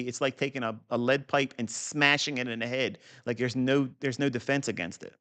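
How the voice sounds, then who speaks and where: A man's voice: medium pitch, expressive, brisk, a bit bright. A man teaching a live market review lesson in a blunt, profane, rambling way. He repeats key points for emphasis and talks straight at the viewer. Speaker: trading educator.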